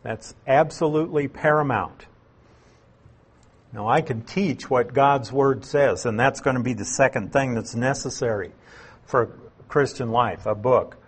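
Slow, husky-voiced man teaching scripture. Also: mid-range voice. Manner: unhurried, explains terms and repeats key phrases. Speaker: Bible teacher. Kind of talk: expository Bible teaching.

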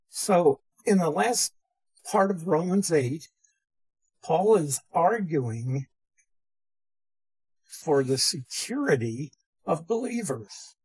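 A man lectures on theology as a Bible teacher, defining each term with care and repeating the key phrases. His voice is husky and a little breathy. He speaks slowly and deliberately. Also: fairly high pitch, animated, darkish tone, low-quality recording.

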